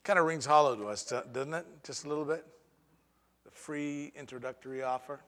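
A man preaching a sermon as pastor, with dramatic pauses and sudden swings between soft and loud delivery. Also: a little high, steady tone, long reverb tail.

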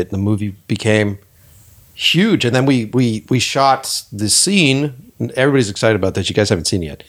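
A man hosting a podcast in a studio, talking bluntly and swearing freely as he tells stories and acts out what people said. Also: fairly low pitch. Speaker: podcast host and director. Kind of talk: casual podcast conversation.

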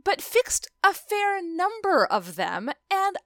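A woman's voice: very animated, a bit bright, no room sound. A woman in her thirties co-hosting a podcast, reviewing a movie in casual, effusive chat and acting out quotes. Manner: effusive, quick shifts in pitch, acts out quotes. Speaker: podcast co-host.

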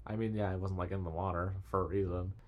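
A young man chats casually, spinning animated travel stories and slipping into little voices when he quotes people. His voice sits low for a man. He talks like a relaxed podcast guest. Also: quick pace, phone-quality sound. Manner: animated storyteller, acts out quotes. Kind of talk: casual chat.

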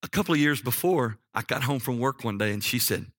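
A man preaching a sermon, telling a personal story and rising in pitch for emphasis. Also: fairly quick, no echo, studio quality. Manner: animated, jumps up in pitch for emphasis.

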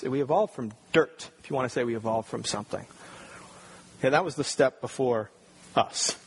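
A man's voice: mid-range voice, slightly rough. A man preaching a sermon, earnest and building to emphatic points. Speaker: pastor.

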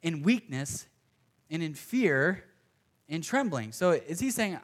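Young male pastor, slightly high voice, earnest and chatty from the pulpit. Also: sing-song, slow. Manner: earnest, conversational preaching with asides. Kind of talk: sermon.

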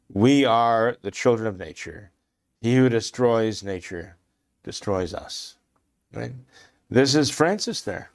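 In a lowish voice, a man gives passionate commentary on religion, hammering points by repeating phrases. Throat-clearing interrupts him often.

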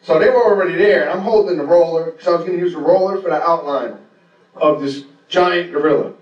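A man's voice: a little high, quick pace, lo-fi sound. Rambling, profane man telling stories on stage. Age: adult. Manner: rambling, profane, self-mocking. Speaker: storyteller on stage. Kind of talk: live storytelling to an audience. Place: live venue with an audience. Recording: roomy live venue, distant mic, audience laughter. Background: audience laughter.

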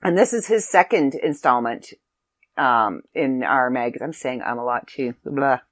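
A woman's voice: a bass voice, measured pace, no room sound. A woman hosting a podcast about her magazine, chatty and a bit scattered, with frequent ums and asides. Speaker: podcast host and magazine contributor. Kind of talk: casual podcast chat.

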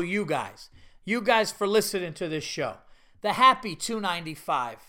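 A man hosting his own podcast, telling profane, animated stories with laughs in a casual, unscripted way. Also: a little high, measured pace. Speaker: podcast host and stand-up comedian. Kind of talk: casual solo podcast storytelling.

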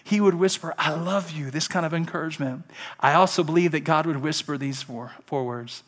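Impassioned pastor with a higher voice. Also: male voice, fairly quick. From Alabama. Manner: impassioned, swinging between hushed tender passages and loud soaring ones. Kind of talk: sermon.

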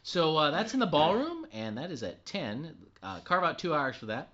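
A man co-hosting a podcast, reading event listings in an animated, chatty way and correcting himself as he goes. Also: fairly high pitch. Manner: animated, quick to laugh, self-correcting. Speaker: podcast co-host. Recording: dull lo-fi sound.

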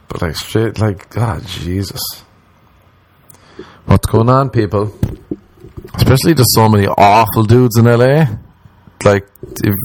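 A man's voice: fairly low pitch, darkish tone, a little hiss or hum. A man, a comedian ranting in a profane, exasperated way and mimicking the people he talks about. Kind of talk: rambling comic rant.

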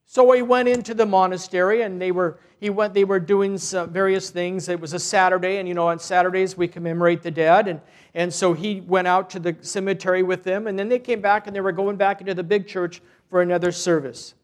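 High-voiced priest telling a story. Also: male voice, flat delivery. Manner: earnest storytelling, unhurried, with restarts. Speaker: parish priest. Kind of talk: sermon with a retold story.

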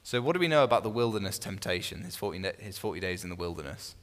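This man's voice sits low and moves quickly as he teaches a small Bible study group. His style is easygoing and conversational, with frequent restarts and questions for the group, and the room carries a long reverb.

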